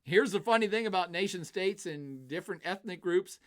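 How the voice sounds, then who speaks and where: On a live stream, a man delivers chatty, animated political commentary, reading viewer comments aloud and acting out the nations he quotes. His voice sits high and he talks fairly quickly.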